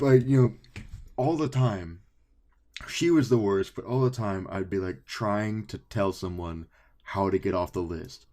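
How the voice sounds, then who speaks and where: A young man with a lowish voice co-hosts a casual podcast. He tells stories in an animated, profane rush and acts out both sides of his own phone calls. It is loose, unscripted chat. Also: measured pace. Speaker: podcast co-host.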